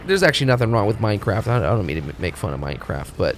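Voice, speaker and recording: A man streaming a video game, talking in a rambling, excitable, profane way as he plays. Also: lowish voice, very fast, few pauses, slight background noise. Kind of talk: casual gaming commentary. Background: faint game music.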